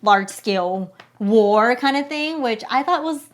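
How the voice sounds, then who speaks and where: A woman's voice: on the high side, expressive, a little slow. A woman co-hosting a podcast, chatting casually and enthusiastically with lots of filler words. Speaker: podcast co-host. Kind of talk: casual chat.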